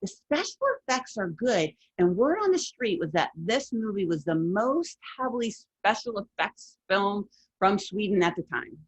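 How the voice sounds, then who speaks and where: A woman's voice: medium pitch, animated, moderate pace, breathy edge. A woman hosting a casual countdown of favorite horror films, chatty and enthusiastic with playful asides. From lived in New England. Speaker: horror film commentator. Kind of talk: casual film countdown commentary.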